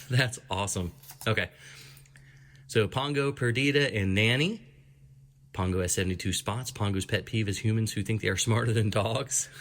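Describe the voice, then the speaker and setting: A man's voice: mid-range voice, fairly bright tone. A man hosting his own channel, casually reviewing a book as he flips through it, reading entries aloud with small asides. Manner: chatty, reads entries aloud, small laughs. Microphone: camera framing his hands and a book.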